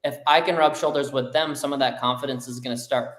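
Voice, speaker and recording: A man's voice: mid-range voice, fairly even intonation, fast talker. A man with a mid-range voice speaking firmly and with drive, co-hosting a motivational live stream. He backs up his partner's points with conviction. His voice rings in an echoey room. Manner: firm, affirming, driven. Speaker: co-host. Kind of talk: motivational live show talk.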